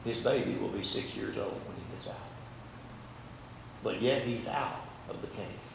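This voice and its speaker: A man's voice: on the low side, normal speed, gravelly. An older man preaching a sermon, telling a story fervently with repeated words. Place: church sanctuary. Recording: very echoey church, faint background noise.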